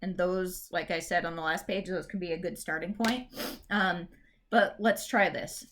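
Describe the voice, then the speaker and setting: A woman teacher giving a recorded English lesson. She explains in a chatty, informal way and reads verse lines slowly, stressing the beats. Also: lowish voice, steady tone, a bit bright. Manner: chatty, informal fillers and restarts.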